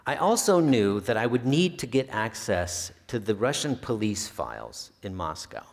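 A male historian gives a public talk about his book in a library event hall, telling anecdotes as a relaxed storyteller with occasional filler hesitations. His voice sits on the low side with vocal fry at a normal speed. The hall lends a long reverb.

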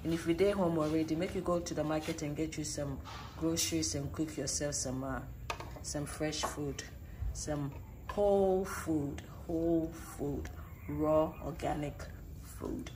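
Low-voiced Ghanaian woman vlogging outdoors. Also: fairly even intonation, measured pace. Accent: Ghanaian English. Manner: chatty, teasing, invites viewers. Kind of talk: casual vlog chat to camera. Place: outdoor porch at home. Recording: loud background noise.

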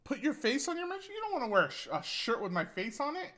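Lively bright-voiced woman streaming a game. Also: sits high, fast. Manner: animated, swears freely, laughs often. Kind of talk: casual live-stream commentary while gaming.

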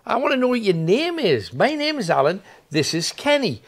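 At night in an old building, this male ghost-hunt host keeps pressing the spirits with questions, coaxing at first before turning demanding. He speaks in a high, sing-song voice at a moderate pace.

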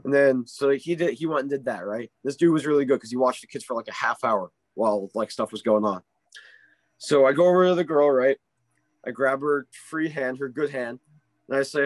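A man who works as a ski instructor tells a story in a casual interview. He is animated and keeps checking in with "right?". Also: medium pitch, fairly quick, dry recording.

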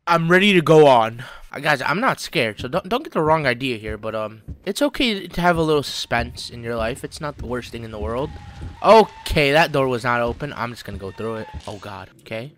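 Jumpy gamer with a lively, swooping voice. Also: medium pitch, fairly quick. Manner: jumpy, keeps insisting they are not scared, sudden shrieks. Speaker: gaming YouTuber. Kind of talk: horror game reaction commentary.

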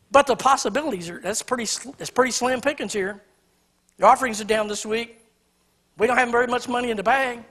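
A man preaching. His voice sits very high and sounds bright and forceful. He shifts from loud emphatic preaching to quiet storytelling. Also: fairly quick. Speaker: pastor. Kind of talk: sermon. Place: church sanctuary.

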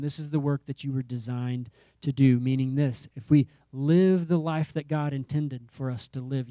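Male pastor, sermon delivery, emphatic and repetitive, warm tone, dry close mic. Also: on the high side, no room sound. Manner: emphatic preaching with repeated phrases and rising calls.

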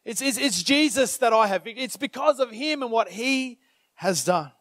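A male preacher with a high voice, delivering a sermon with lively energy. He often breaks off to act out a worried inner voice, and he fills his talk with "you know" and "like". The sound is dry and close, with no room around it. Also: dry recording. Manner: animated, acts out inner thoughts in quick asides; many filler phrases and restarts. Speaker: pastor.

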